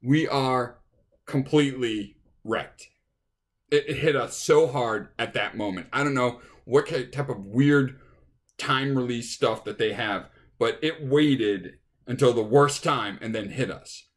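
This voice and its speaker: A man's voice: mid-range voice, unhurried. A man, a touring musician, casually telling a rambling anecdote with restarts, acting out what people said. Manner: rambling, with restarts and acted-out quotes. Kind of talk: casual storytelling.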